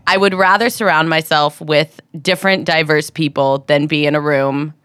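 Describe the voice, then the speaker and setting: A woman's voice: sits low, fairly even intonation, moderate pace, a bit bright, clean tone, no echo, clean studio sound. A woman from the Midwest, a communications director, chatting as a podcast guest and laughing often. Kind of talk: casual chat.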